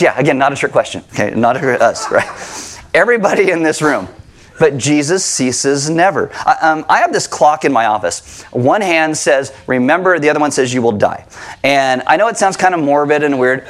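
Animated male pastor preaching. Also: fairly high pitch. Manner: animated, conversational preaching with rhetorical questions. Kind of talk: sermon. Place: church sanctuary with congregation.

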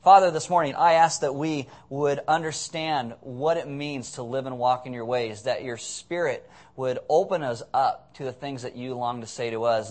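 A man preaching a sermon to his church as pastor, conversational and joking, loudly acting out voices in his stories. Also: medium pitch. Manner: jokey, conversational, acts out quotes loudly. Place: church sanctuary.

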